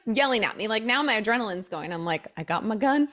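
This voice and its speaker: Animated woman telling stories. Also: on the high side, a little fast, few pauses. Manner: animated storyteller, acts out quotes. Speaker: podcast co-host. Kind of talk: casual chat.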